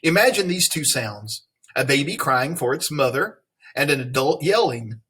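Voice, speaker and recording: A man's voice: fairly high pitch, lively intonation, moderate pace, sharp tone, husky. A man teacher reading a science text aloud to his students, adding friendly, playful asides and questions. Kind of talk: recorded classroom lesson reading aloud.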